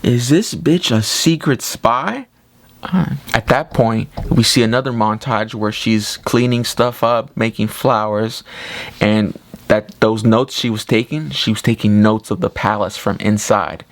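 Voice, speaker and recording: A man reviewing a movie in a casual, excited retelling full of "like". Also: lowish voice, a little slow, no room sound. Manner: excited retelling, heavy use of 'like'. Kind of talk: casual spoken film review.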